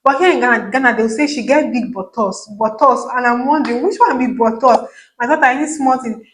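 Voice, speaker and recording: Nigerian woman, thirties, chatty vlogger, slightly high voice, roomy echo. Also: normal speed. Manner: animated, mixes in Nigerian Pidgin and acts out quoted voices. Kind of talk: casual chat.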